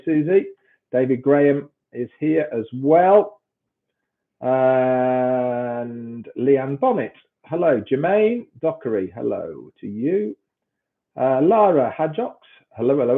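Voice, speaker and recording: A man's voice: mid-range voice, gravelly. A man hosting a live stream in casual chat, reading out viewers' names one by one and stumbling over the hard ones. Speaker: host greeting live viewers. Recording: tinny phone-like stream audio.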